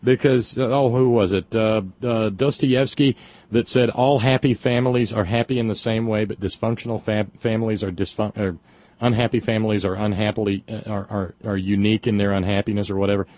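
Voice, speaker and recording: A middle-aged man, co-hosting casual radio talk, halting with wry humor. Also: on the low side, fairly even intonation, no echo, muffled recording. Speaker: co-host.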